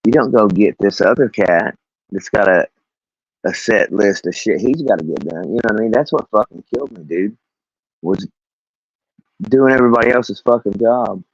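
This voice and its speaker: Low-voiced man ranting casually. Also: moderate pace, dry recording. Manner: profane, rambling, laughs often. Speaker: vlogger. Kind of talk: casual rant. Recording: dull, lo-fi, dry recording.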